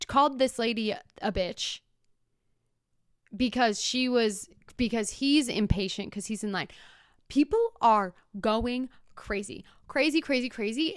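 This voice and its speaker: A young woman hosting a podcast, retelling a story in a casual, animated way with whispered asides. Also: fairly high pitch, normal speed, no echo, studio quality. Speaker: podcast host.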